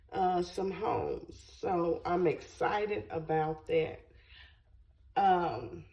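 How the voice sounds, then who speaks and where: Congested lady vlogging slow and rambly, sounds a bit far from the mic. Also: fairly low pitch, a little mellow. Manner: slow, rambling, repeats phrases. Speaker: cooking channel host. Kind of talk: casual chat to camera.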